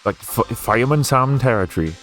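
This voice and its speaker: A man with a softened Welsh accent, chatting casually and rambling while he streams a racing game. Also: medium pitch, animated, fairly quick, faint music behind. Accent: Welsh, Newport area, softened toward English. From Wales. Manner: rambling and chatty, with frequent fillers and restarts.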